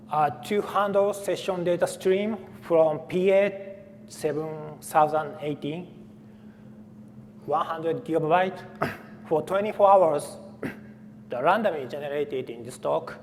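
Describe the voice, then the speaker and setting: A Japanese man whose first language is Japanese gives a technical conference talk in a slightly high voice. He speaks haltingly, pausing often, using fillers and restarting sentences. Faint hall reverb and light background noise are audible.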